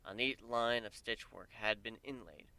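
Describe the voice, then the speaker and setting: A man giving a dramatic reading of a story, with expressive narration that swells and drops in loudness. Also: fairly low pitch, a little slow. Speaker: fan fiction reader.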